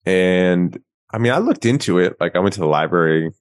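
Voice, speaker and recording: A man from Queens, a guest author, telling animated, self-mocking stories in a casual interview. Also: low-pitched, a little fast, clean tone, no room sound. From Queens, New York.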